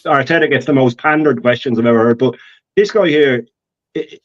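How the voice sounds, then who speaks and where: A man's voice: mid-range voice, a little fast, lo-fi sound. A male guest in a casual call-in chat, ranting heatedly and stumbling over restarts.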